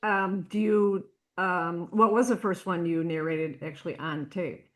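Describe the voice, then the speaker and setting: A woman interviewer with a somewhat low voice asks questions in a casual, searching way, pausing on fillers as she builds each thought. She answers her guest with short, friendly agreements. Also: fairly even intonation. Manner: warm backchannels, halting questions with fillers.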